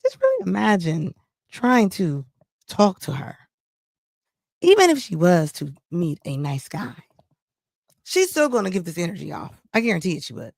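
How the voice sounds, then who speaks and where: Blunt woman host with a gravelly voice. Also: on the low side, huge pitch swings, moderate pace, pauses often, a little mellow, no echo. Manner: blunt, scolding, repeats for emphasis. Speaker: commentary channel host. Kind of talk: reaction commentary on a live stream.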